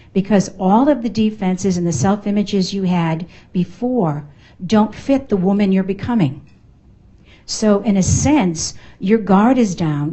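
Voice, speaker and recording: A middle-aged Boston-accented woman from the US delivers a playful, emphatic motivational speech to a live audience in a function room at a networking event. She has a mid-range voice with a warm tone. The audio is dull.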